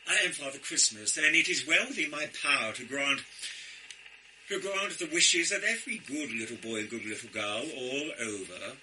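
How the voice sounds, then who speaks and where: A guy doing jolly ancient santa, big reassuring tone, posh and polite, bright voice. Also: medium pitch, animated, moderate pace, a little hiss or hum, rough recording. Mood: grandly reassuring. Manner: grandly reassuring, old-fashioned politeness. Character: jolly, very old male Father Christmas.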